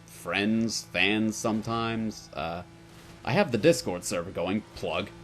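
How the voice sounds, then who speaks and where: Wry young man reading viewer questions. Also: lowish voice. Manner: playful, wry, answers with mock formality. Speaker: YouTuber answering viewer questions. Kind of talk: casual Q&A monologue.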